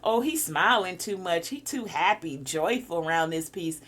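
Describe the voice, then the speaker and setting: A woman voicing a group of scheming dark spirits that mock people and push them down. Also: on the low side, animated, moderate pace. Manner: mocking, dismissive.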